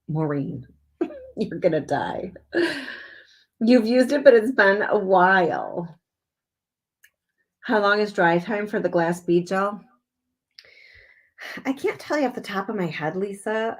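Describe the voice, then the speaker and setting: A cheerful, chatty woman talks through a craft project on a live stream, thanking viewers by name and laughing easily. Her voice sits a little low for a woman, and her talk is relaxed, home-made and friendly. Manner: bubbly, chatty, reads viewer comments aloud, laughs often. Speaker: mixed media artist hosting a live craft stream. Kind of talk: casual live-stream chat while crafting.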